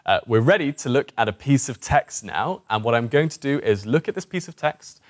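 A man teaching presentation skills in a clear, methodical, encouraging way. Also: medium pitch, animated, fairly quick, no echo. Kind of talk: instructional tutorial.

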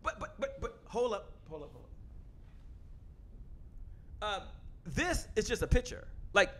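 Loud fast-talking guy hyping his show to camera, pretty high voice, a little background hum. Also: very animated. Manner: loud, fast-talking, emphatic, repeats phrases. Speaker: host. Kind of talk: energetic sales pitch to camera. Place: home studio with a photo wall backdrop.

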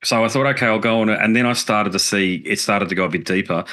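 A man's voice: on the low side, fast, bright, forceful tone. A middle-aged man, a podcast guest telling a personal story in an earnest, reflective way with casual swearing. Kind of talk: casual interview chat.

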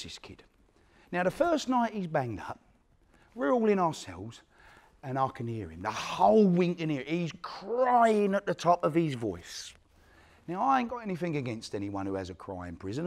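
In a one-man stage monologue, a male performer plays an aging East London career criminal, telling his story bluntly in profane street talk. His voice is a little high with a darkish tone.

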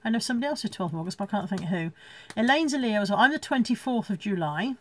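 A woman's voice: medium pitch, lively intonation, racing. A woman chatting casually from home on a live stream, rambling, laughing often and reading out viewer comments. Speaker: reseller hosting a live stream.

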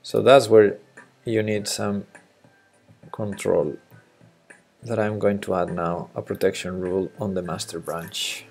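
A man's voice: on the low side, little pitch movement, a little slow, vocal fry, long pauses, darkish tone, soft background music. A man with a Spanish accent, thinking aloud and chatting with viewers during a late-night coding live stream. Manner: thinking aloud, muttering to himself, answering chat. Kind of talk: casual live-stream chat while coding.

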